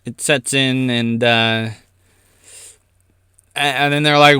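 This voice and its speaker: Young man with a fairly high voice, chatty and wandering off topic as he rants to camera. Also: flat delivery, takes it slowly, pauses often, pushed and bright, clear, resonant tone, dry recording, clean studio sound. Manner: rambling, self-interrupting, goes off on tangents. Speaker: YouTuber. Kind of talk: rambling solo rant.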